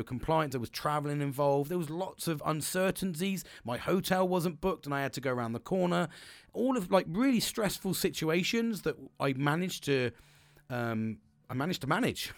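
This young man hosts a podcast, giving a loose, rambling motivational talk full of cursing and frequent laughter. His voice runs a little high, and the studio-quality recording has no echo.

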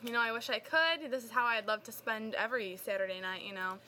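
A woman's voice: on the high side, fairly even intonation, fast, pushed and bright, a little hiss or hum. A woman guesting on her father's podcast, chatting casually in a playful, joking way. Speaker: host's daughter as guest.

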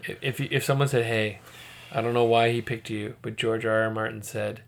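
A man with a gravelly, rough-edged voice co-hosting a podcast. He chats loosely over drinks, cracking jokes and breaking into laughter often. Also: on the low side, level tone, moderate pace. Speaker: podcast co-host. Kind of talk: casual chat over drinks.

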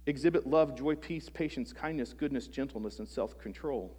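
A man preaching a sermon to a congregation. He is earnest, asks them rhetorical questions, restarts phrases often and lets his sentences trail off softly. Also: mid-range voice, husky. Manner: halting restarts, soft trailing phrase ends. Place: church service before a congregation.

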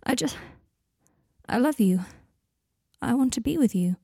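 A woman's voice: fairly high pitch, lively intonation, measured pace, vocal fry, mellow, breathy edge, dry recording, clean studio sound, voice pushed up, exaggerated voice. A woman voicing a distraught young man who pleads with his lover in a raised, urgent voice. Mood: pleading.

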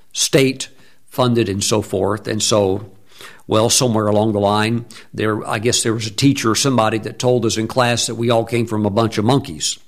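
A middle-aged man, a pastor, preaching a sermon emphatically, drawing words out and humming between phrases. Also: medium pitch.

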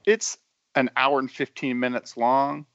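A man's voice: mid-range voice, little pitch movement, unhurried, fairly bright tone, no echo. Laid-back man on a dry lo-fi mic. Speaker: podcast co-host. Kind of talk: casual chat. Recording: dry dull lo-fi sound.

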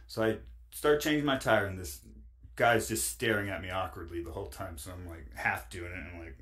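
A man's voice: on the low side, lively intonation, fairly quick, a bit bright. A man as a podcast guest, telling a rambling story in casual chat, laughing often and full of fillers.

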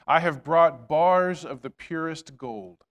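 A man's voice: on the high side, takes it slowly. A man reading the lines of a wealthy, proud male king from the east in a storybook, earnest and given to stammering protest. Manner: earnest, stammering when shaken.

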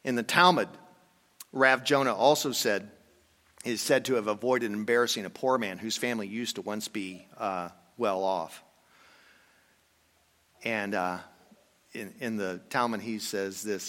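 An older man preaching a conversational sermon, telling a story and dropping into quiet asides. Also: lowish voice, fairly even intonation, unhurried, pauses often. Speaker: pastor. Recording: long reverb from a hall.

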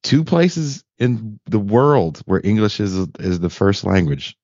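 A man hosting a podcast, chatting casually and telling animated, joking stories. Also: fairly low pitch, slow, dry recording. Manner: animated, laughing, storytelling. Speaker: podcast host. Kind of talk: casual chat. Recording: dull lo-fi sound.

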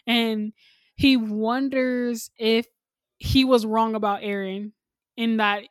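A woman's voice: on the high side, dry recording. Laid-back woman summarizing anime plot. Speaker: podcast co-host. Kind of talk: casual anime recap chat.

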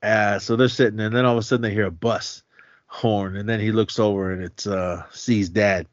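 A podcast co-host with a lowish, steady voice recounts a movie's plot at a moderate pace, playing out characters' lines loudly and chuckling as he talks. The audio is lo-fi, dry and slightly dull, with no echo.

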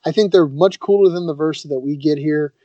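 Guy co-hosting a podcast, hyped and easygoing, kinda higher voice, muffled dull audio. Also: fairly quick, warm tone, dry recording. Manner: enthusiastic, laid-back, says "man" and "dude" a lot. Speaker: podcast co-host. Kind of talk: casual chat.

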